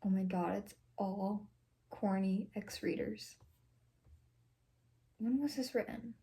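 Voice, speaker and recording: A young woman reading fan fiction aloud on a vlog, breaking off for sarcastic, animated asides and swearing. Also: mid-range voice, takes it slowly. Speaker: fanfiction reader vlogger.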